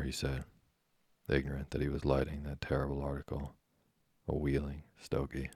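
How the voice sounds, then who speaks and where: A man narrates an audiobook in an even, unhurried manner. His voice sits extremely low and has a gravelly creak. The recording is dry and close. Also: dry recording. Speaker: audiobook reader.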